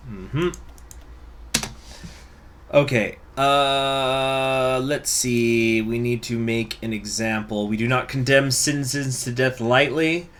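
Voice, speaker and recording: A man's voice: medium pitch, fairly even intonation, slow pace, a bit bright, a little hiss or hum. Casual man reading strategy game text. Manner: casual, joking asides between read-out passages. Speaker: let's play host.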